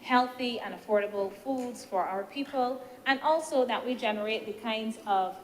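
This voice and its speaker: A woman senator, giving a measured, deliberate speech in a parliamentary debate and posing rhetorical questions. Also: fairly high pitch. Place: senate chamber. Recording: reverberant chamber with faint background noise.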